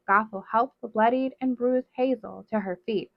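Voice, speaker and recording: A woman reading a novel aloud in steady, dramatic narration, on a dull, dry recording. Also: fairly high pitch, moderate pace, gravelly, no echo. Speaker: storybook reader.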